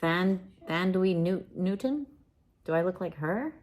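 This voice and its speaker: A woman's voice: on the low side, expressive, a little slow, a little mellow. A woman livestreaming at home, chatting casually in a rambling way with many restarts.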